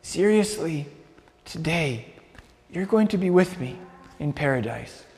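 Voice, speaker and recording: A man voicing a gentle, suffering young rabbi, speaking softly and solemnly. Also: on the high side, expressive, unhurried. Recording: long hall reverb.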